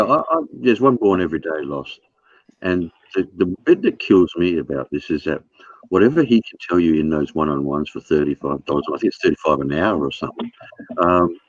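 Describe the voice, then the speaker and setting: A man's voice: low-pitched, no echo, highs cut off. A middle-aged man, co-hosting a casual chat, blunt and sprinkling in swearing. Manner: blunt, swears, says mate. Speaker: show host.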